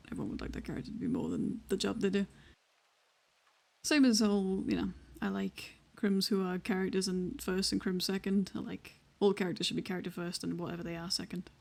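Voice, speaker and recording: A woman's voice: medium pitch, a little fast, vocal fry, darkish tone. Welsh woman giggling and swearing through stream chatter, teasing her tabletop friends. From Wales. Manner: laughs often, swears freely, teasing. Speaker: tabletop role-play player. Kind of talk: casual banter on a live stream.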